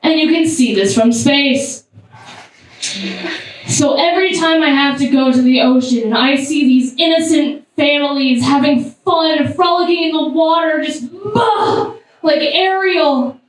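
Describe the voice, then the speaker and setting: A woman performing a stand-up comedy set, animated, with sudden high squeals. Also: measured pace. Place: comedy club stage. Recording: echoey club sound from far off.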